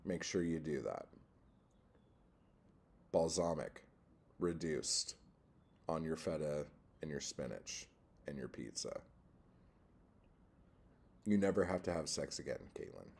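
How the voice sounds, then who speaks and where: A man's voice: extremely low pitch, lively intonation, takes it slowly, creaky, pauses often, darkish tone, husky. A man hosting a casual livestream, reading chat and rambling, profane and easily worked up.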